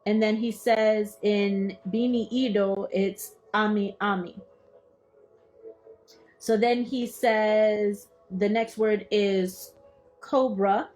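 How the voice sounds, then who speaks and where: A woman reads a book aloud at an unhurried, deliberate pace, hosting a study session. She breaks off often to put things in her own casual words, joking and laughing at herself along the way. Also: mid-range voice, steady tone, darkish tone, soft background music. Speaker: study group host. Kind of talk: reading a book aloud with commentary.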